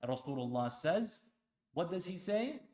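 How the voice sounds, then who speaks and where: A man's voice: fairly high pitch, very animated, normal speed. Impassioned male preacher in an echoey hall. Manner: impassioned, swings between hushed and loud; asks the audience pointed rhetorical questions. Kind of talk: sermon. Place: Islamic center hall.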